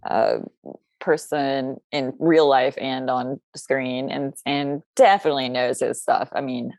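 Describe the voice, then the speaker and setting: A woman with a low voice talks in a loose, rambling way on a podcast, often breaking off and restarting her sentences. She is from the United States. The recording is dry and close, with no room sound. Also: measured pace, a little mellow, no echo. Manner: rambling and chatty with many restarts. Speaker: podcast guest. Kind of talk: casual podcast chat.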